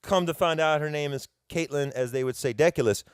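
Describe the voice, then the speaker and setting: A man's voice: on the high side, fairly even intonation, fairly quick, smooth, dry recording, studio quality. A middle-aged man with a Southern US accent, hosting a podcast in a rambling, chatty, self-deprecating monologue. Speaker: podcast host.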